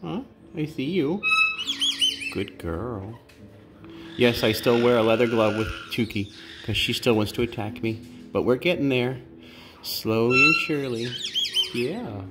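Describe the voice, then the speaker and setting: A parrot sanctuary keeper croons sing-song baby talk to the birds, the pitch leaping high and swooping low. Loud music plays behind the voice in an indoor bird room. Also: wildly swooping pitch, unhurried. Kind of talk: casual vlog, talking to pet parrots.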